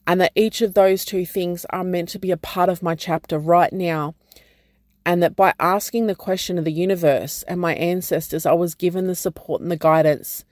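A woman talks slowly and gently in a reflective personal vlog, offering spiritual encouragement. Her voice sits low, and the recording is dry and close. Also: dry recording. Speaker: program founder and guide.

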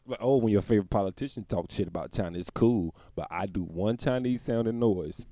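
A man's voice: deep voice, moderate pace, mellow, dry recording. A man hosting his own podcast, rambling through a profane comedic monologue and laughing at his own jokes. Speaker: podcast host.

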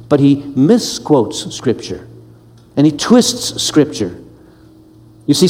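A man's voice: fairly high pitch, dark tone, big-room sound. A man teaching a Bible lesson in an earnest, emphatic way, sometimes restarting his words.

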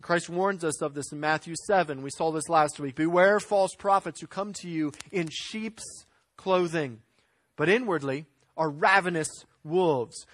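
A man with a high voice delivers a sermon, pushing hard on key words and then sinking quiet. The recording is dry and close, with no room sound. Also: dry recording. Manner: emphatic preaching with rising and falling intensity; clears throat now and then. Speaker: pastor.

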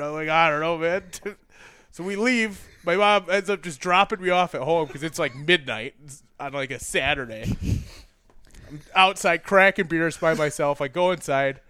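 Young man, lively high voice, rambling and profane podcast storyteller. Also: clear, resonant tone, dry recording. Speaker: podcast guest telling a story. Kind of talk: casual storytelling.

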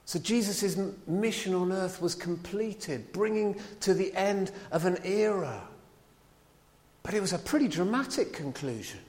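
A man delivering a sermon, lively and conversational, with asides to the congregation. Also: high voice, measured pace. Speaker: preacher. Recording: long hall reverb.

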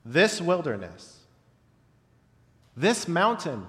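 A man preaching a reflective sermon, pausing often and letting his phrase endings fall soft. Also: medium pitch, expressive. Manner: reflective, with long pauses and softly dropped phrase ends. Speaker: pastor. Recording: long reverb of a large hall.

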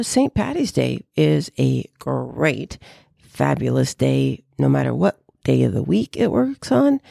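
A woman vlogger chatting casually to her viewers in an animated way. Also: low-pitched, vocal fry, no echo, studio quality. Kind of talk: casual chat.

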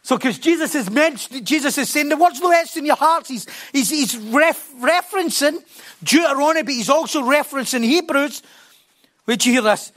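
This male preacher speaks at an extremely high pitch and a moderate pace, delivering his sermon from a church platform. Full of passion, he shifts between hushed asides and forceful, loud outbursts.

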